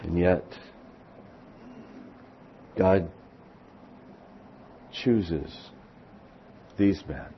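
A man preaching a sermon as pastor, speaking with deliberate emphasis that swells into loud, excited peaks. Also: sits low, muffled recording, slight background noise.

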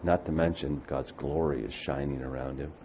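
A man preaching a sermon as pastor, speaking with deliberate emphasis that swells into loud, excited peaks. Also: rumbling low, dull audio, a little hiss or hum.

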